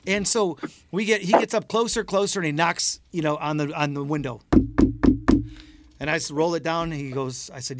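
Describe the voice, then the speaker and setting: A man who is a motivational speaker, telling a lively story on a talk show, acting out the scenes and often repeating words. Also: on the high side, brisk, no room sound.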